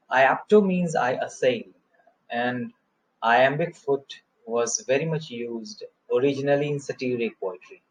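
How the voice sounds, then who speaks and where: A man teaching English poetry in a recorded lecture, explaining terms slowly and chanting verse lines in a measured rhythm. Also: mid-range voice, low-quality recording.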